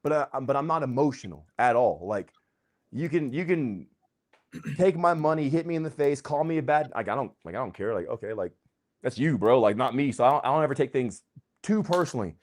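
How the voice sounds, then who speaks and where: Excitable slangy man. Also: medium pitch, fairly quick. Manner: excitable, slangy, uses "dude" and "bro". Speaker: host. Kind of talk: casual conversation.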